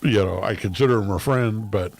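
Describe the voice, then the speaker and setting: A man's voice: fairly low pitch, brisk, vocal fry, darkish tone, no echo. Rambling man venting on a stream. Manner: rambling, frequent ums, wry laughs. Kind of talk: casual livestream monologue.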